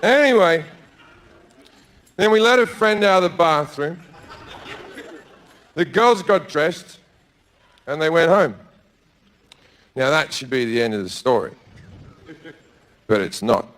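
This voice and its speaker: Australian male comic, high-pitched, laid-back crude storyteller, live stage mic with faint hiss. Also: animated, slow, pauses often, fairly bright tone. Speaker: stand-up comedian. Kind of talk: stand-up comedy set. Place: large theatre stage with live audience.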